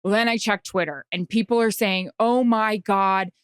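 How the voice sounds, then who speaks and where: A woman in her forties co-hosting a podcast, telling an anxious story in a casual, animated way. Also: mid-range voice, normal speed, clean tone, no echo, studio quality. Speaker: podcast co-host and sideline reporter. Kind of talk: casual chat.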